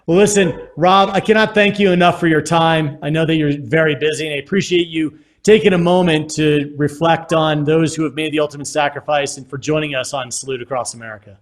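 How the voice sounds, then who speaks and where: A man's voice: a little high, fairly even intonation, fairly quick, hardly any pauses. A male host running an interview, speaking fluently and upbeat. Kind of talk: interview hosting.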